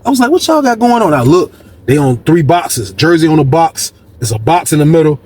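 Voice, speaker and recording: A man casually telling a story from jail life, animated and slangy, repeating words for emphasis. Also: a little high, fairly quick.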